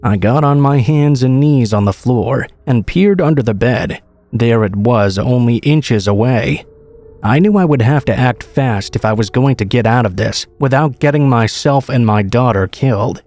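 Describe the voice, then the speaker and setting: A man reading a horror story as scripted narration in a steady, measured way. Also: medium pitch.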